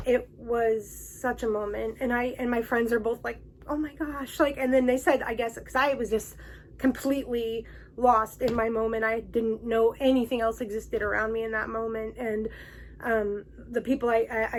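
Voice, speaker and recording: Gushing, excited woman telling a fan story. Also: on the high side, slight background noise. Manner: excited and emotional, gushing with many fillers and restarts. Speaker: vlog host. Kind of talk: casual personal storytelling to camera.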